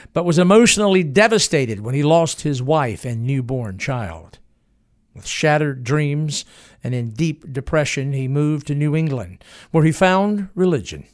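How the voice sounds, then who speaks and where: A man giving scripted documentary narration, telling a historical event in a dramatic, measured way. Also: fairly high pitch, clear, resonant tone.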